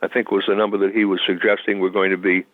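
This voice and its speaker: A man's voice: low-pitched, level tone, fast, no room sound. A man from the United States, a constitutional attorney, explaining law in an interview in a methodical, lecturing way with frequent restarts. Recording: tinny phone line.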